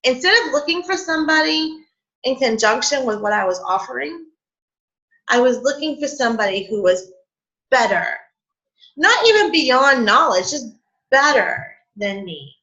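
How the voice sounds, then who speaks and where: A woman's voice: high voice, very animated, moderate pace, bright, forceful tone. A woman hosting a casual spiritual chat, talking with heartfelt emotion and many fillers, laughing and close to tears. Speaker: host of a spiritual coffee chat. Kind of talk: casual heartfelt talk to a live group. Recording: dull lo-fi stream audio.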